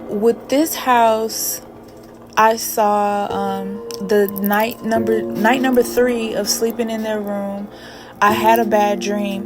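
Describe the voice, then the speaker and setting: A woman telling a personal spiritual story with emphatic asides to the listener. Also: medium pitch. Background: music.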